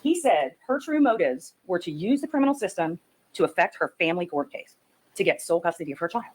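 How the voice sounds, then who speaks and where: Woman, prosecutor, closing argument, quick pace, husky voice, forceful. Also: lowish voice, big pitch swings, low-quality recording. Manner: forceful, methodical, persuasive.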